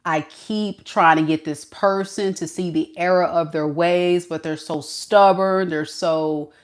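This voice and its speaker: Woman, tarot reader, lowish voice, animated, laughs a lot. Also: a little slow. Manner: animated, laughing, acts out the other person's thoughts. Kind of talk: tarot reading to camera.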